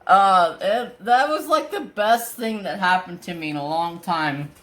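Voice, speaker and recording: A man hosting a crafting channel, telling a story in casual chat, animated, swearing freely and often repeating and restarting his words. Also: sits high, measured pace, echoey room. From Northern California.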